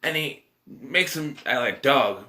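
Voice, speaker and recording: A man's voice: medium pitch, lively intonation, takes it slowly, sharp tone. A man giving a casual, rambling solo movie review, with many restarts and fillers.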